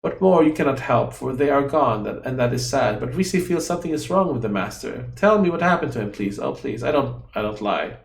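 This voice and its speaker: A man voices a small, fretful female guardian in a game, childlike and eager to please, who refers to herself in the third person with broken grammar. His medium-pitched voice has a gravelly edge and lively intonation, and he talks fairly quickly with few pauses in an echoey room.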